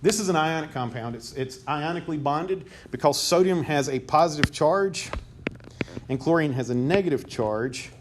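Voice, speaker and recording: A man's voice: a little high, moderate pace. A man giving a chemistry lecture to a class, quizzing students and joking as he goes. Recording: noisy classroom recording.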